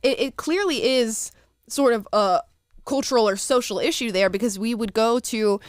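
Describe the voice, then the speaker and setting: An animated American woman hosts a casual talk show and laughs often as she talks. Her voice is smooth and clear, and the sound is close and dry with no room around it. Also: on the high side, normal speed, no echo. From United States. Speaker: host.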